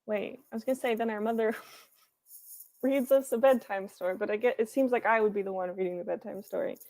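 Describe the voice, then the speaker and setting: A woman's voice: medium pitch, a little fast, darkish tone. A young woman hosting a writing livestream from her room, chatting casually and playfully as she reads out chat comments. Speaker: livestream host.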